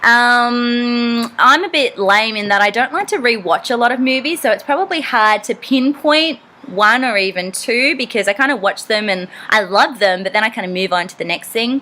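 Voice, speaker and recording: A young Australian woman with an Australian accent casually answers fan questions in a Q&A vlog, rambling and chatty, with frequent ums and self-deprecating asides. Her voice is on the high side, pushed and bright, at normal speed.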